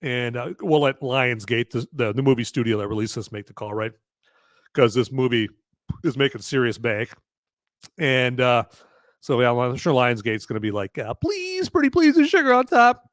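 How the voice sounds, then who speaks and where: A man's voice: mid-range voice, steady tone, normal speed, no echo. A man hosting a live film-review podcast, chatting casually in a rambling, jokey way with some swearing. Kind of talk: casual live-stream chat.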